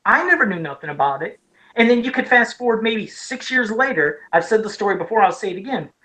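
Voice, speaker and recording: Ohio woman on a chatty podcast, mid pitch, rambles on excited with lots of restarts. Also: fast talker, rough recording. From Ohio, USA. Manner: eager, rambling retelling with many restarts. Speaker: podcast co-host. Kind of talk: casual podcast chat about horror films.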